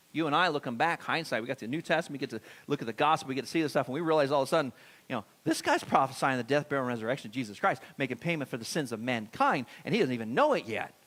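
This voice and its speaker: Male pastor, middle-aged, casual sermon delivery in a church with questions to the room, voice on the high side. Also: expressive, very fast, a bit bright. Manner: conversational preaching, questions to the congregation. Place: church sanctuary.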